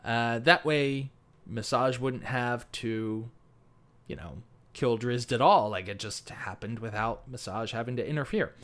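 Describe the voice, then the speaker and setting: On a book podcast, a co-host with a mid-range, slightly bright voice chats about books at a somewhat slow pace. He's animated, laughing a lot and filling his speech with fillers.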